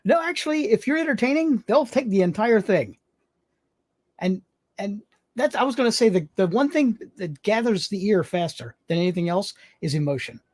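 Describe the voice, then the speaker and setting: Animated man telling show stories, dry sound. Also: high-pitched, normal speed, dry recording. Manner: animated storyteller who acts out voices and laughs often. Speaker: guest, game show host. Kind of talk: casual podcast interview.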